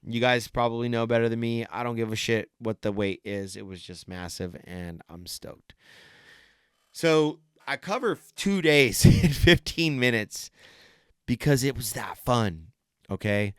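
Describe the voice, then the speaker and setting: Podcast host dude, smooth clear voice, dry close mic, rambles and cusses a lot, super stoked. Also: male voice, medium pitch, measured pace, dry recording. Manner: rambling, excited, swears a lot, laughs often. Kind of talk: casual chat.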